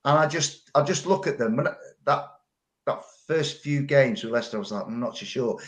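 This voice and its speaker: On a casual football podcast, a middle-aged pundit spins long-winded stories, repeating and restarting words as he goes. His voice sits mid-range for a man, and he talks at a normal speed in a loose, conversational way.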